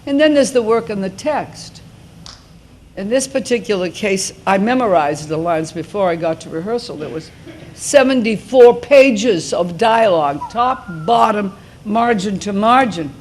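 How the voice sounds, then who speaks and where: A woman in her seventies speaking to high school students as a guest, talking informally and rambling with frequent restarts. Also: animated, measured pace, darkish tone, slight background noise. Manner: rambling, restarts mid-thought. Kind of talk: informal talk and Q&A.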